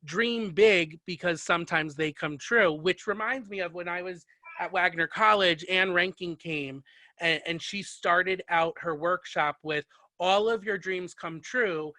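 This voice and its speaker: A male interviewer with a high, bright voice, recorded close and dry with no room sound. He talks in a chatty, story-telling way, warm to his guest. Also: unhurried, no room sound. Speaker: interviewer, host. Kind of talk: casual interview.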